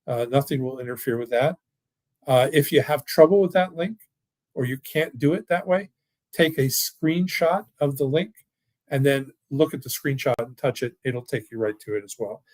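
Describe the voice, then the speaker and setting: A man's voice: mid-range voice, normal speed, a little mellow, no room sound. Enthusiastic man hosting a webinar. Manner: enthusiastic, rambling, folksy. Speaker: financial firm owner hosting a webinar. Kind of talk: casual webinar talk with live Q&A. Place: home or office, online workshop.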